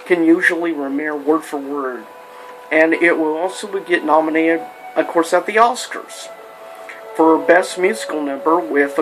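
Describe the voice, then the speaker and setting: A man's voice: fairly high pitch, a bit bright, low-quality recording. A man giving a casual, rambling movie review, with lots of fillers and restarts.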